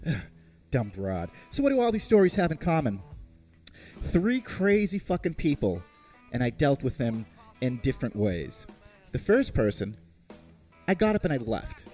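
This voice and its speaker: A man hosting a podcast spins sarcastic, profane stories with lots of swings in his pitch. His delivery is lively and comic. Faint guitar music plays softly behind him. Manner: animated, sarcastic, swears freely. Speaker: podcast host.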